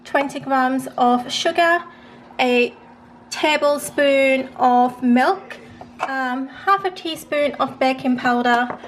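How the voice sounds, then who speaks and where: A woman's voice: high voice, takes it slowly, slight background noise. A woman cooking in her home kitchen, chatting casually to the camera as she goes. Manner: chatty, relaxed, often says um and like. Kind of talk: casual chat.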